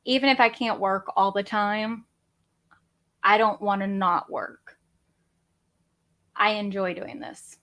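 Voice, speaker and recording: A woman's voice: medium pitch, fairly even intonation, slow pace, long pauses, a bit bright. A woman, hosting a casual livestream chat from her home office in a rambling, chatty, self-deprecating way. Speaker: crafting channel host.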